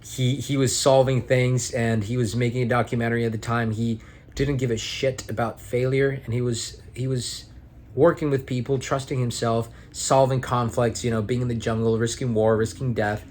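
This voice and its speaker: A man's voice: medium pitch, flat delivery, normal speed, darkish tone. Rambling, earnest young man vlogging. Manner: rambling, earnest, casual swearing. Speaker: vlogger and aspiring actor. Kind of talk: casual reflective monologue.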